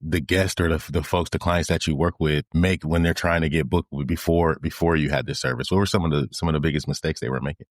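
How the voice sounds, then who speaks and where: A man hosting a podcast, telling stories casually and acting out the conversations he recounts. His voice is notably low. The recording is dry, with no room echo. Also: steady tone, fast, few pauses. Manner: storytelling, quotes past conversations, many restarts. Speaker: podcast host.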